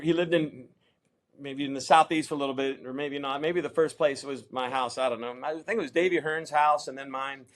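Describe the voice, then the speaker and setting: A middle-aged man from the United States spins a story in a relaxed interview, his voice sitting a little high for a man. He drops into quick mimicry of the people he quotes and keeps the tale rolling with casual fillers. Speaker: interview guest, champion kayaker.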